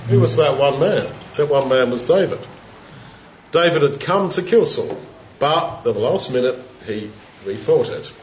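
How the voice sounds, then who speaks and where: A man's voice: medium pitch, expressive, measured pace, slight background noise. Man preaching in an echoey, dull-sounding room. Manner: conversational, asks many rhetorical questions. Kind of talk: expository sermon.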